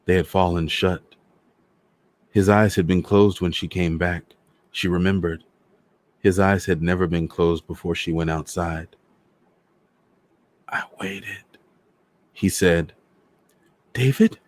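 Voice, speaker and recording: Deep-voiced man reading a novel aloud. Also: flat delivery, a little slow. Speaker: storyteller host.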